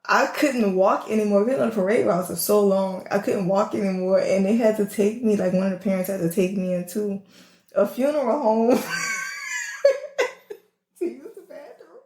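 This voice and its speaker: A woman's voice: mid-range voice, moderate pace, a little mellow, echoey room. A woman co-hosting a podcast in casual chat, giggly and teasing. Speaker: podcast co-host.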